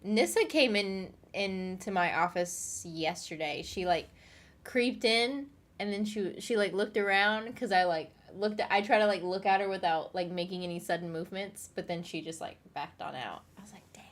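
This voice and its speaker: A woman's voice: medium pitch, moderate pace. A woman streaming from her home office, chatting casually and answering her chat in a rambling way.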